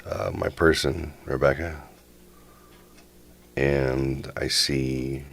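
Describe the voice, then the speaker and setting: A man hosting a casual interview, talking in animated, halting bursts and often restarting his sentences. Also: a bass voice, creaky. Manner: animated, halting, quotes others in lively bursts. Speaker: podcast host.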